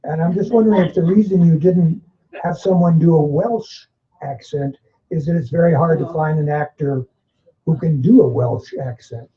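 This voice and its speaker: A man's voice: fairly high pitch, normal speed. A man in the audience asking a question at a seminar, chatty and hesitant. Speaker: audience member. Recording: muffled live recording.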